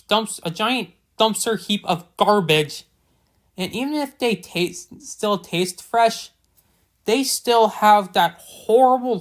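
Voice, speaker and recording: A young man giving a ranting episode review, stammering and restarting often, swinging between loud outbursts and quiet mumbling. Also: sits high. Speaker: show reviewer.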